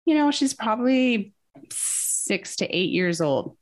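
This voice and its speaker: A woman's voice: on the high side, very animated, slow. A woman talking as a guest in a casual interview, telling a personal story in an earnest, reflective way.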